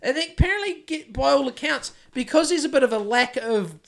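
A man's voice: very high voice, animated, a little fast, vocal fry, fairly bright tone. Rambling sweary New Zealand guy. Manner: rambling and sweary, full of restarts. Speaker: podcast co-host, house painter. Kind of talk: casual chat.

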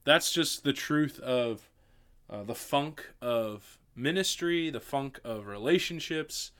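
A man's voice: mid-range voice, expressive, slow pace, fairly bright tone. Earnest young male podcast co-host. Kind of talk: casual chat.

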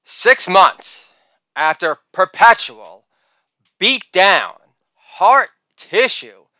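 A man narrating a comic memoir in a wry, rapid-fire storytelling manner, breaking into shouted catchphrase bursts. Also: high voice, very animated, dry recording.

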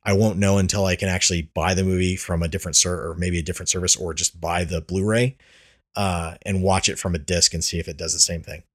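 A man's voice: sits low, fairly even intonation, fast talker, breathy edge. A man hosting a casual podcast, talking loosely with frequent fillers and restarts. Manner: rambling, many restarts and fillers. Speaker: podcast host. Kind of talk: casual chat about movies.

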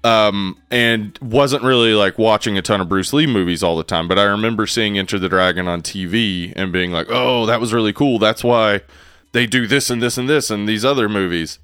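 A man's voice: on the low side, normal speed, clear, resonant tone, no echo, studio quality. A man co-hosting a podcast, chatting casually with many fillers and the odd swear. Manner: relaxed, profane, rambling. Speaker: podcast co-host. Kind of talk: casual chat.

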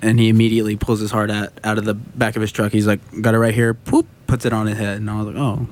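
A man's voice: fairly low pitch, quick pace. A man chatting casually, telling a story and acting out the dialogue, swearing freely. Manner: animated storytelling, acts out dialogue. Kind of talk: casual chat.

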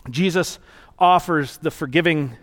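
A man's voice: fairly high pitch, measured pace, fairly bright tone. Earnest conversational male pastor. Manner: conversational, earnest, reflective storytelling. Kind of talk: sermon.

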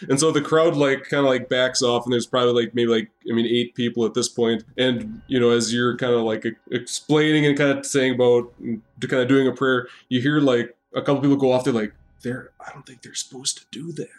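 A man narrates a tabletop game as game master, loose and casual, with plenty of fillers. His voice sits at a middle pitch. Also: steady tone, a little fast.

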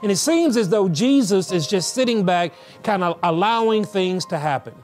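A male pastor preaching a sermon with rhythmic repetition and emphatic pauses. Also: sits high, expressive, a little mellow, faint music behind.

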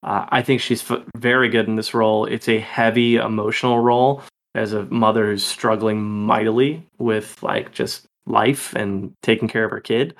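A man's voice: on the low side, steady tone, normal speed. Chatty male podcast co-host. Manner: chatty, swears casually. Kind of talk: casual film podcast chat.

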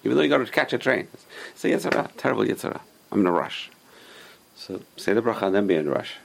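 A man's voice: on the low side, sing-song, racing, creaky. A man teaching an informal Torah class, explaining Hebrew sources and giving emphatic warnings.

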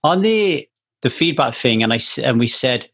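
A husky-voiced podcast co-host tells a story during casual chat, animated and acting out the voices of people he quotes. His pitch is mid-range and his pace moderate.

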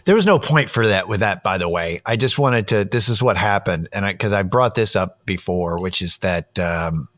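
A man with a voice on the low side talks in a casual monologue, telling a story and sharing his views in a blunt, opinionated, profane way.

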